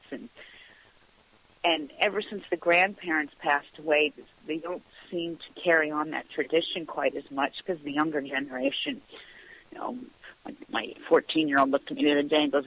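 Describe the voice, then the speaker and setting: A woman's voice: low-pitched, a bit bright, poor audio. A middle-aged woman hosting a radio talk show, chatting casually, laughing often and acting out quoted dialogue. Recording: radio broadcast sound.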